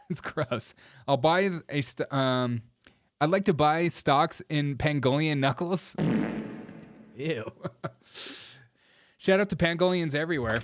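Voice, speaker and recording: Giggly, animated male livestream host. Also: fairly high pitch, takes it slowly, long pauses. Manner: giggly, animated, laughs through his words. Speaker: show host. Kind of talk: livestream commentary.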